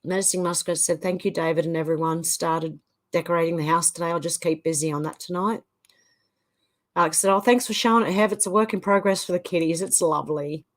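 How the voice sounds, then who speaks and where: A woman's voice: lowish voice, steady tone, brisk. A middle-aged woman hosting a livestream, reading viewer comments aloud and chatting loosely between them. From Australia. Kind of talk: casual chat.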